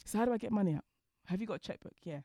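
Fast-talking woman. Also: mid-range voice, dry recording, studio quality. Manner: fast-talking, lively, laughs as she tells stories. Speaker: guest, designer. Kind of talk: animated storytelling in conversation.

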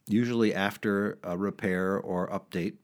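A man with a low voice co-hosts a real estate podcast. He talks thoughtfully in a casual way and often restarts his sentences as he works through a point. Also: steady tone, moderate pace, creaky. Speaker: podcast co-host. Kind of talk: casual chat.

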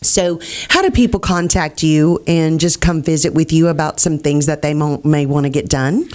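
A woman's voice: sits low, moderate pace, a little mellow. A woman hosting a casual talk show, bubbly and laughing often. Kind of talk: casual on-air chat.

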